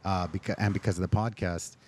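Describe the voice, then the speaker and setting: A man's voice: deep voice, steady tone, quick pace, a little mellow, slight background noise. A man, a restaurant owner, chatting as a guest on a podcast, telling stories in a rambling way and acting out what people said. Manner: chatty storyteller who acts out quoted speech; rambling, with many restarts and fillers. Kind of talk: casual interview chat.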